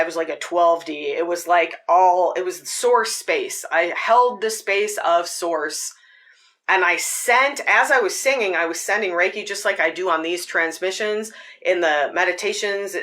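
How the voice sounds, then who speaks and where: A woman's voice: lowish voice, measured pace, fairly bright tone. A woman hosting a podcast, talking earnestly and at length about her spiritual path, with a lot of "like" in her speech. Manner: earnest, rambling, with filler "like". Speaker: podcast host. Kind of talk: reflective spiritual monologue.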